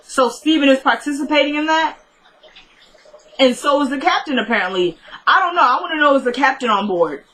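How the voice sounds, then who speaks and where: A woman's voice: high-pitched, expressive, fairly quick, pushed and bright, poor audio. A woman casually recapping a TV episode at home, rambling and correcting herself as she talks. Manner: chatty, rambling, with self-corrections.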